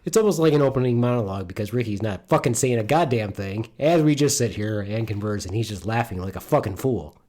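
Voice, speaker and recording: A man's voice: on the low side, lively intonation, fast, few pauses, darkish tone. A middle-aged man from Michigan hosting a casual podcast, rambling and joking with plenty of swearing. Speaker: podcast host. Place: home studio.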